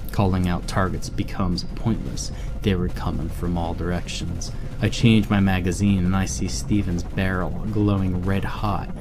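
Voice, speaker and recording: A man narrating a horror story in a measured, steady reading. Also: low voice.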